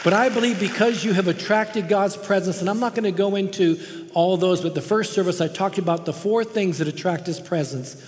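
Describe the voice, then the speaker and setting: A man's voice: high-pitched, brisk, big-room sound, a little hiss or hum. A man preaching a sermon as a guest preacher in a church, impassioned and emphatic, repeating words for stress. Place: church sanctuary.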